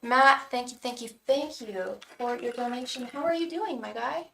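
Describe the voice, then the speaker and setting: A slightly high, creaky, somewhat bright female voice at normal speed, recorded from a distance with roomy echo and a faint hiss or hum. She's a tarot reader and psychic on a livestream, chatting casually and encouragingly to her viewers, repeating words and leaning on lots of fillers.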